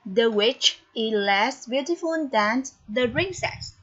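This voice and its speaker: Encouraging woman English teacher, high voice and slow, deliberate delivery. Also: lively intonation, a bit bright. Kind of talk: online English lesson. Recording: dull, lo-fi recording with faint noise.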